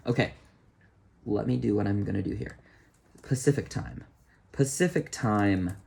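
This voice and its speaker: A man's voice: lowish voice, a little slow, vocal fry, darkish tone. A young man, an astrologer, chatting casually on a live stream, rambling and joking to himself as he reads a chart. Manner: rambling, self-talking, jokey.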